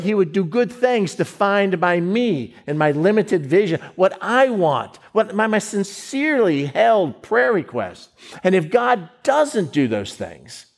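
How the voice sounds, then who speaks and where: A middle-aged man preaching a sermon, emphatic, often stumbling over repeated words as he builds his point. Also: mid-range voice.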